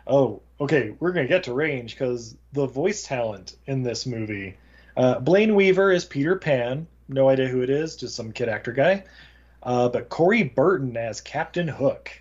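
A man's voice: medium pitch, animated, a little mellow. A man hosting a casual movie podcast, joking as he reads through film credits. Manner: joking, rattles off credits quickly. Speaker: podcast host. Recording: dull lo-fi sound.

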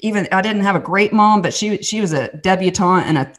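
A woman's voice: mid-range voice, brisk, a bit bright. A woman from the American South with a Southern accent, sharing a personal faith story in earnest, chatty conversation and acting out the quotes. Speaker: podcast host and guest storyteller.

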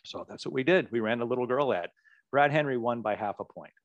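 Man, political ad maker as interview guest, animated storyteller, dry close sound. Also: mid-range voice, a little fast, no echo, lo-fi sound. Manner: animated storyteller who repeats words as he goes.

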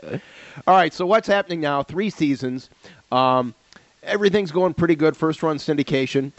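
A man with a fairly high voice co-hosts a podcast, telling stories with animated energy and frequent laughter. The recording is dry and a little muffled. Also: moderate pace, no echo. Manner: animated storyteller, laughs often, repeats words. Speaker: podcast co-host. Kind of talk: casual chat about old TV shows.

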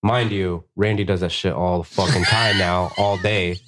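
30s tattoo guy, deep-ish voice, cussing a lot, does funny high voices for quotes. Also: normal speed. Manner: profane, animated, acts out quotes in higher voices. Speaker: tattoo artist, podcast guest. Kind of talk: casual storytelling chat.

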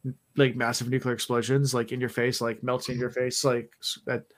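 A man chats casually on a podcast, sounding tired after a late night. His voice sits at an ordinary pitch. He wanders through his stories, stopping often with "um" and "like". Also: level tone, a little fast. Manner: rambling storyteller, many fillers. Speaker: podcast host. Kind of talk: casual chat.

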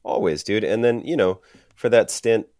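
A man's voice: on the low side, moderate pace, a little mellow, no echo, clean studio sound. A young man co-hosting a podcast, chatting casually and enthusiastically and acting out quotes. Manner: enthusiastic, acts out quotes, says "dude". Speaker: podcast co-host. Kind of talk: casual chat.

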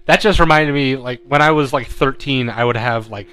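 A podcast co-host chats casually, rambling with lots of fillers and laughing often. His medium-pitched voice is bright and forceful, and he talks at a moderate pace.

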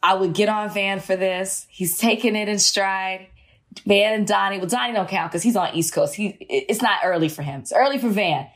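A woman's voice: mid-range voice, moderate pace, soft background music. A woman co-hosting a podcast, chatting casually and telling stories, laughing easily. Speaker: podcast co-host. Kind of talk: casual chat.

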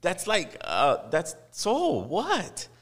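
A man's voice: sits high, wildly swooping pitch, extremely slow, fairly bright tone, breathy edge. A man hosting a podcast, ranting with passion and profanity and voicing mock quotes to make his point. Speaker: podcast host. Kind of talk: heated podcast discussion. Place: podcast studio.

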